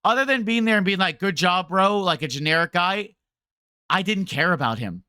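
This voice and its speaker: Bright-voiced sarcastic male streamer. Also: sits high, sing-song, fairly quick, no echo, clean studio sound. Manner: rambling, sarcastic. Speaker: game streamer. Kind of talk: casual game rant to chat.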